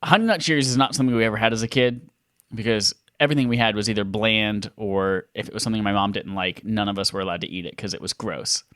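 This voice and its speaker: A podcast co-host in casual chat, an animated, mock-dramatic storyteller talking from home over a video call. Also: mid-range voice, quick pace, no echo, clean studio sound.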